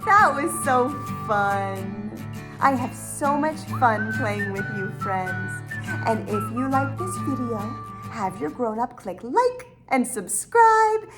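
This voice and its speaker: A woman speech therapist leading a toddler language lesson, talking in a sing-song voice with exaggerated gasps and drawn-out words. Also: a little high. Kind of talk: toddler speech lesson over an app game.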